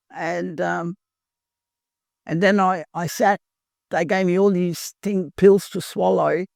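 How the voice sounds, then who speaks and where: A woman's voice: lowish voice, gravelly, a little mellow, no room sound, clean studio sound. A woman earnestly telling her own recovery story in a plain-spoken way. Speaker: guest sharing recovery story. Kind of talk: personal storytelling.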